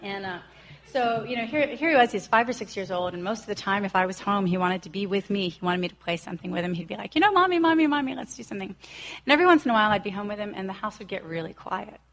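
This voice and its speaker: A woman's voice: mid-range voice, fast talker, fairly bright tone. A woman in her forties telling her personal recovery story in an earnest way, acting out quoted voices as she goes. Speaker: recovery speaker.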